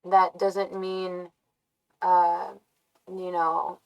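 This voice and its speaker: A woman live streaming from a dark room, chatting casually, musing and often laughing or humming to herself. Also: on the low side, little pitch movement, drawn-out words, lo-fi sound. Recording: voice from far off the mic.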